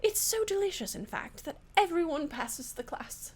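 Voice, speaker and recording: A woman's voice: on the high side, sing-song, brisk. A woman voicing an old male dog who is a master chef teacher, speaking in a grand, pompous way. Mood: delighted.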